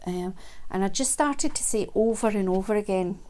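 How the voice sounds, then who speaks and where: A woman giving a gentle, unhurried self-help talk, with frequent ums and quiet laughs. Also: mid-range voice.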